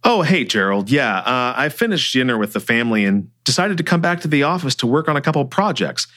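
A man's voice: medium pitch, sing-song, a little fast, pushed and bright. A man voicing a tense, defensive financial advisor. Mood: falsely upbeat. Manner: tense, sarcastic under strain.

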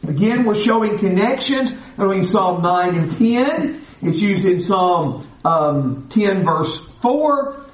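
A man's voice: sits high, poor audio. A man teaching verse by verse through a psalm, stressing and repeating key phrases emphatically. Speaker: preacher.

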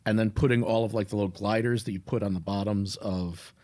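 Middle aged dude, lowish voice, jokey and loose, lots of likes. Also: male voice, fairly even intonation, a little fast, a little mellow. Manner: loose, joking, trails with fillers. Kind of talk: casual chat.

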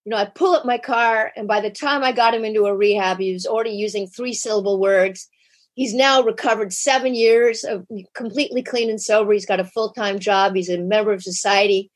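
A woman guest in an interview, telling a personal story candidly and animatedly, acting out quoted lines. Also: fairly quick. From United States. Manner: animated, shifts pitch sharply when acting out quotes. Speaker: podcast guest.

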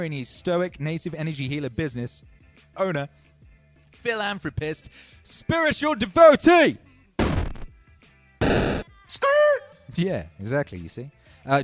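Male stream host, slightly high, animated delivery, reading chat casually over quiet music. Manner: playful, deadpan asides, frequent ums and uhs.

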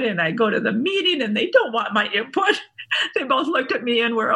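A woman's voice: a little high, lively intonation, normal speed, creaky, sharp tone, husky. A woman in her sixties, a guest who tells stories in a chatty way and laughs often. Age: 60s. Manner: chatty, laughs often, describes herself as an introvert. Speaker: guest, workshop founder. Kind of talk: casual interview storytelling.

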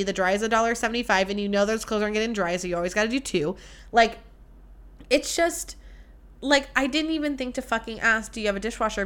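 A woman's voice: medium pitch, a bit bright. A young woman hosting a podcast, chatting casually and ranting with plenty of swearing and fillers. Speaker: podcast host. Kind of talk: casual solo podcast chat.

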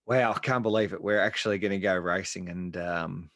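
A man's voice: sits low, steady tone, fairly quick, fairly bright tone, no echo, clean studio sound. A man co-hosting a casual motorsport podcast, chatty with lots of fillers and restarts. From Australia. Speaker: podcast co-host.

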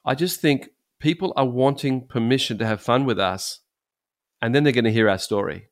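A middle-aged man, a pastor, telling stories in casual chat, animated and laughing often. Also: medium pitch, moderate pace.

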